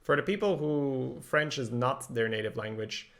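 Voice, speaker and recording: A man's voice: medium pitch, animated, normal speed, creaky, a bit bright. A man from Belgium, a game streamer chatting casually while thinking aloud about his plays and answering viewers. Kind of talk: casual live-stream commentary.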